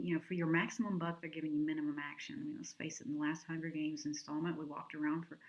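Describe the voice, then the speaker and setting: A woman hosting a casual TV review video, chatty and opinionated with quick asides. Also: fairly low pitch, highs cut off. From lives in France.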